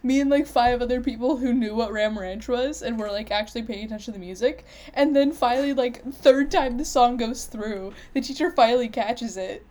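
A woman's voice: a little high, fairly quick, few pauses, a little mellow. A woman co-hosting a podcast in casual chat, joking, swearing casually and laughing often. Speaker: podcast co-host.

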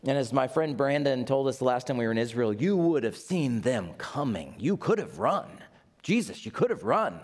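A man's voice: mid-range voice, sing-song, moderate pace, darkish tone. A man, the pastor, preaching an Easter sermon with dramatic, rising emphasis.

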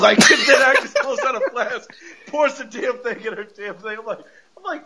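Man, high bright voice, casual recap, frequent laughter, animated retelling. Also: normal speed, poor audio. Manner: laughing often, animated retelling with quoted lines. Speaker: podcast host.

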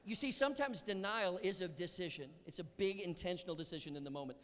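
A man preaching a sermon, animated, acting out Bible dialogue and dropping to whispers. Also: high-pitched, fast, slight background noise. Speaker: pastor. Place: church sanctuary. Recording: long hall reverb.

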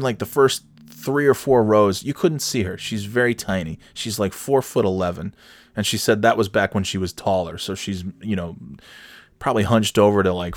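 A middle-aged man with a fairly low voice tells a story in an exasperated, foul-mouthed rant. He stumbles, restarts and searches for words, then drips sarcasm. The recording is dry and close, with no room echo.

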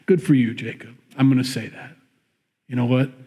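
Husky-voiced preacher man, wry asides. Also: medium pitch, steady tone, moderate pace, warm tone. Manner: wry, joking asides, acts out Bible quotes in raised voice. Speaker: pastor. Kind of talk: sermon.

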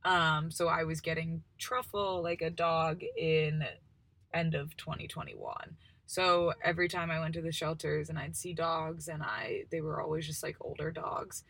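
Young woman, podcast host, bright gravelly voice, rambling casual chat, dry close sound. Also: low-pitched, fairly even intonation, moderate pace, dry recording. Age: 20s. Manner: chatty, rambling, lots of "like" and "um".

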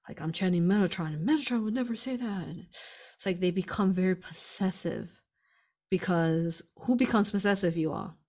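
A woman's voice: fairly low pitch, a little mellow. A woman hosting a live spiritual stream, answering viewer questions in a chatty way, laughing often and calling listeners "you all".

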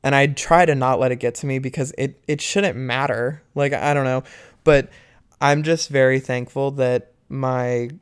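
A man's voice: medium pitch, fairly even intonation, moderate pace, smooth, no echo, clean studio sound. A young man talking casually to his viewers, candid and rambling, laughing often and swearing as he vents. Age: young adult. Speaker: vlogger. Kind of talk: casual talk to camera.

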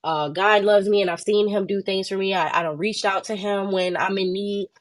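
A young woman co-hosting a faith podcast, telling her story in an animated way and jumping into high voices when she quotes people, sounding tired and worn down. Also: normal speed. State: tired and under the weather. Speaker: podcast co-host. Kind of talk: casual faith podcast chat.

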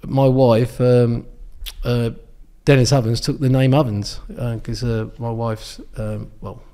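A man's voice: medium pitch, level tone, measured pace, warm tone, clear, resonant tone. An English man in his sixties, a guest telling rambling anecdotes with many ums and restarts in a casual interview. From England. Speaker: guest, former darts champion.

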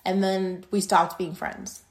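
A young adult woman hosting a podcast tells a rambling story, casual, profane and blunt, her loudness swinging between emphatic bursts and muttered asides. Her voice is medium-pitched with a level tone, and she speaks slowly.

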